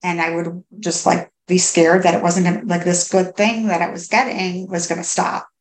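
A woman in her thirties, a podcast guest, speaking candidly and haltingly with many fillers and restarts. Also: on the low side, level tone. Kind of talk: candid personal interview. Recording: echoey room.

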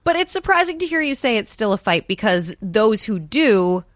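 A woman's voice: on the high side, sing-song, normal speed, dry recording, studio quality. A woman interviewing a guest, asking questions and giving short encouraging replies. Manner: attentive, encouraging, brief replies. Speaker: podcast interviewer.

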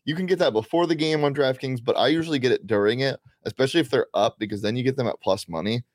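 A man's voice: medium pitch, fast talker, no room sound, clean studio sound. A man hosting a sports betting show, upbeat and enthusiastic, with many ums and restarts. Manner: upbeat, enthusiastic, with frequent fillers. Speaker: host. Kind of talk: casual sports betting chat.

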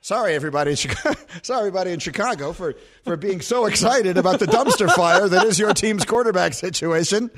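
A man's voice: high voice, lively intonation, quick pace, few pauses, a bit bright. A man hosting a sports call-in radio show, bantering playfully and teasing in a game-show manner.

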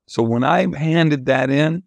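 A man's voice: fairly high pitch, slow pace, creaky, dry recording. An older man, a musician guest, telling long candid stories in a casual interview, rambling with restarts.

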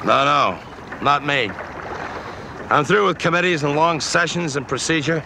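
An actor with an American accent playing a gruff, world-weary tough-guy ex-politician in a comedy film. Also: a little high, moderate pace. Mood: weary refusal. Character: weary tough-guy ex-politician who quit for a quiet river life. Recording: film soundtrack with loud wind and water noise.

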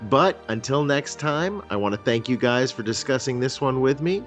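Lively man hosting a chat podcast. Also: medium pitch, normal speed, soft background music. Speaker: podcast host. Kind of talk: casual discussion podcast.

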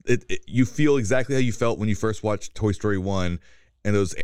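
Smooth low-voiced young man, teasing. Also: darkish tone, no echo, clean studio sound. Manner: teasing, quick to correct, joking. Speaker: podcast co-host. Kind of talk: casual movie review chat.

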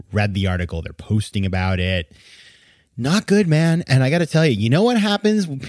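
A man's voice: medium pitch, a little mellow, dry recording, clean studio sound. A man hosting a podcast, giving emphatic, exasperated casual commentary and laughing now and then as he talks. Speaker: podcast host.

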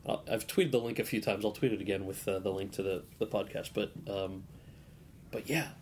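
Male podcast guest, mid pitch, restarts a lot, faint rumble under the voice. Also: fairly quick. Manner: rambling storyteller with many restarts. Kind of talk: casual podcast interview.

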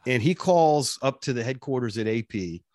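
A man who is a radio personality, telling stories as an interview guest in an animated way and laughing often. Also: mid-range voice, moderate pace, no echo, clean studio sound. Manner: animated, laughs often, jumps between voices. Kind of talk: casual interview storytelling.

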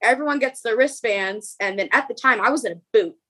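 A young woman, a podcast guest, telling a story in a rapid, emotional way, with many ums and quoted dialogue. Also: on the high side, pushed and bright, low-quality recording.

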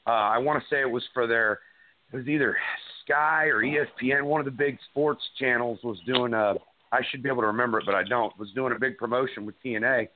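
A man's voice: mid-range voice, fast, slight background noise. A middle-aged man, a wrestler guest, telling stories in a rambling way with many restarts and fillers. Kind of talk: casual interview chat. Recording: tinny phone-like line.

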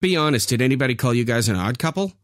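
A man's voice: medium pitch, expressive, racing, soft background music. A man hosting a public radio program, asking short curious questions and narrating between interview clips. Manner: curious, brief prompting questions.

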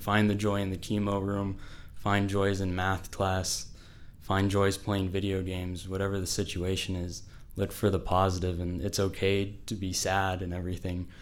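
A teenage boy with a low voice tells a personal story to an audience in a casual way. He keeps his pitch fairly flat and leans on "like" as he talks. A faint hum of room ambience sits behind him. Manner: casual, fills speech with "like".

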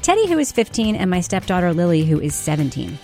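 A woman's voice: lowish voice, sing-song, fast, warm tone, faint music behind. A woman co-hosting a podcast, speaking bluntly and emphatically in casual chat and swearing as she does. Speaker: podcast co-host, parent.

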